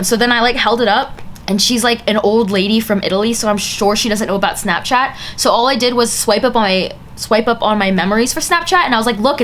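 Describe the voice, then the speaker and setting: A woman's voice: fairly high pitch, fairly bright tone, a little hiss or hum. A young woman vlogger telling a casual storytime, chatty and full of "like" fillers.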